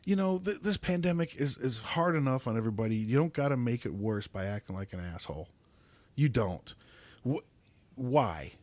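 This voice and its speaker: A man's voice: on the low side, darkish tone. A middle-aged man hosting a podcast, ranting angrily and swearing constantly, sometimes tripping over his words. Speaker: podcast host. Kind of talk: profane ranting monologue.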